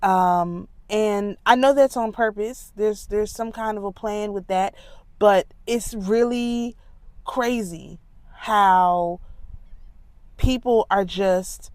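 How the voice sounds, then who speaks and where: A woman talking casually and emphatically in an indignant, animated monologue, with a congested voice. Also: medium pitch, no echo. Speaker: spiritual commentator.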